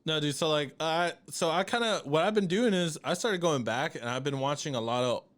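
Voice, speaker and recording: A man's voice: fairly high pitch, brisk, fairly bright tone. A man hosting a casual podcast who rambles and hesitates, with lots of fillers and restarts, and swears casually. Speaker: podcast host. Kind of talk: casual chat.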